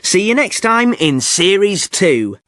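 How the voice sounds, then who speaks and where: Clear, amused male podcast host. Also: high voice, big pitch swings, takes it slowly, fairly bright tone, dry recording, clean studio sound. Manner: friendly, clear, lightly amused. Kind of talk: scripted learner podcast presenting.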